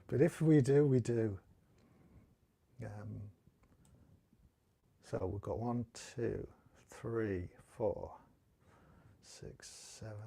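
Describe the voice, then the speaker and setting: Teesside guy running a casual guitar lesson stream, mellow low-key voice, chatty, thinks out loud, bit self-deprecating, guitar noodling behind. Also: vocal fry, breathy edge. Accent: Teesside English. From northeast England. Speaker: guitar teacher.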